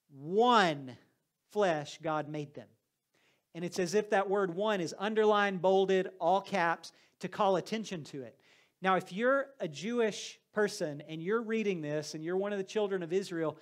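A man preaching a sermon in a conversational, folksy way, speaking to a live audience. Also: sits high. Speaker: campus ministry preacher.

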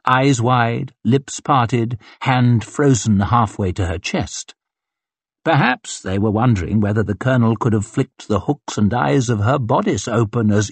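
A man narrating an audiobook in a wry, expressive reading. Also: mid-range voice, breathy edge, no echo. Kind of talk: scripted narration.

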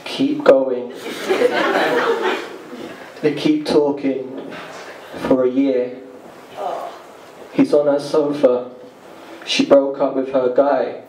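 A man performing spoken word poetry with a deadpan, rhythmic storytelling delivery. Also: mid-range voice. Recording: echoey live room, distant mic, noisy.

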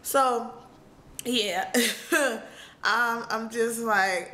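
A woman's voice: on the high side, very slow, sharp tone. A young woman vlogger telling a story in casual chat, tearful and laughing through it, still crying as she talks.

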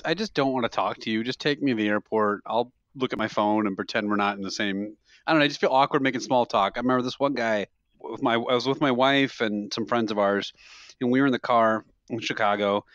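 A man co-hosting a podcast, telling stories in a casual, animated way and laughing often. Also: on the low side, dry recording, dull audio. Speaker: podcast co-host. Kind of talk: casual chat.

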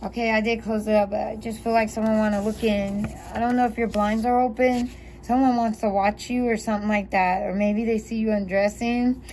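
A woman's voice: fairly high pitch, little pitch movement, brisk, darkish tone, slight background noise. Chatty woman reading tarot cards. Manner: chatty, thinking aloud, giggly. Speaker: tarot reader.

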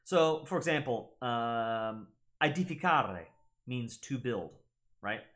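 A gaming channel host of middling pitch gives a casual explanatory lesson, teaching in a chatty way as his voice swings up and down with energy. He repeats words slowly to show how they sound. His delivery is expressive and a bit bright.

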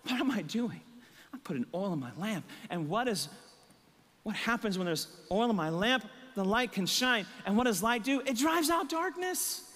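A man's voice: very high voice, very animated, brisk, a bit bright, long reverb tail. A male pastor preaching an impassioned sermon with emphatic repetition and rhetorical questions, his voice a little strained. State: voice strained, catching his breath. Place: church sanctuary.

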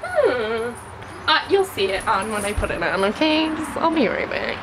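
A teenage girl vlogging in a casual, excitable way, chatting to the camera with lots of fillers. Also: a little high, normal speed. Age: teens. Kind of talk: casual vlog. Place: car, phone held while driving. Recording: distant phone mic with background noise.

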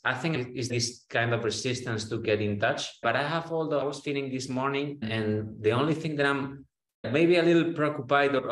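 A man's voice: medium pitch, a bit bright. A man with a Spanish accent, a client in a therapy session, speaking hesitantly and restarting as he searches for words. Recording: echoey room.

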